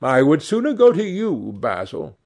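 A man's voice: a little high, wildly swooping pitch, moderate pace, vocal fry, darkish tone, full character voice. A man doing a charming, evasive young man. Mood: airy, evasive.

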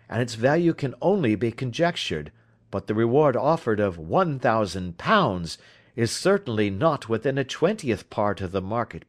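A self-assured male detective laying out his reasoning step by step, as a male narrator puts him on. He sounds precise and a little pleased with himself, and his pitch moves in a lively way. The reading has the measured pace of an audiobook. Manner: precise, explanatory. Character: confident, incisive male detective, lecturing.

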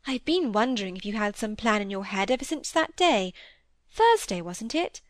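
A woman reading the part of a curious, lively teenage girl who coaxes and pleads with her father. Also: medium pitch, normal speed, no echo, clean studio sound, natural voice. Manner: coaxing, pleading, inquisitive. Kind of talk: audiobook dialogue reading.

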